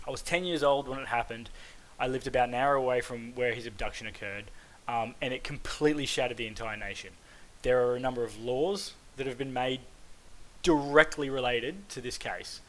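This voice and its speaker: A man's voice: medium pitch, poor audio. Casual swearing Australian man reviewing films. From Australia, Queensland. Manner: casual, frequent "um" and "like", swears freely. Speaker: film reviewer. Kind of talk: casual spoken film review.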